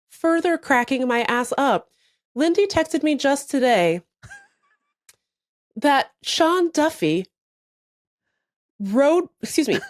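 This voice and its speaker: Woman co-host, high voice, animated comic ranter, dry studio sound. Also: no echo. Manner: animated, swearing, laughs often, acts out quotes. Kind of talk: comedic podcast rant.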